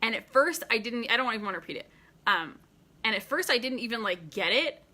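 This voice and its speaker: A woman's voice: fairly high pitch, expressive, brisk, bright, forceful tone. A woman in her thirties telling a personal story to camera in a chatty, rambling way, full of fillers and frequent laughs. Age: 30s. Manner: chatty, many fillers and restarts; laughs often while talking. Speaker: vlogger.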